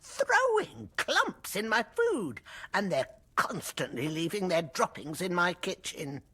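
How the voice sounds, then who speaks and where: A grumpy older castle cook in a game, complaining in a slow, indignant way. The voice is bright and husky, with lively swings in pitch. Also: full character voice.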